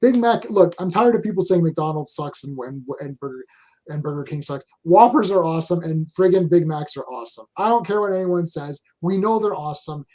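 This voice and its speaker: Rambling Canadian man, slightly high voice. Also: brisk. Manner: rambling, animated opinions with frequent restarts. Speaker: host. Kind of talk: casual chat.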